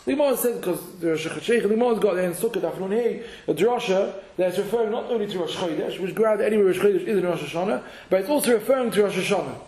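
A man with a fairly high voice teaches a halachic lesson, thinking aloud with many restarts and repeated words. His talk is peppered with Hebrew and Yiddish terms. The room around him is echoey and reverberant. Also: rapid-fire, hardly any pauses, darkish tone. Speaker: Torah teacher.

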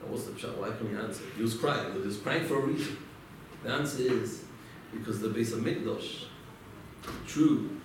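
A man's voice: mid-range voice, noisy background. A man giving a religious lecture, telling stories and asking and answering his own rhetorical questions. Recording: echoey room, mic far off.

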